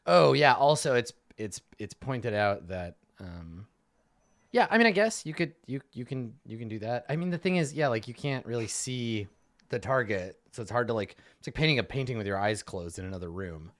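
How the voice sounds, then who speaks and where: A man runs a tabletop game as its game master. His voice is lively and his pitch swings a lot. He hedges his rule calls and laughs easily. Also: normal speed. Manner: hedging, laughs often, rules talk.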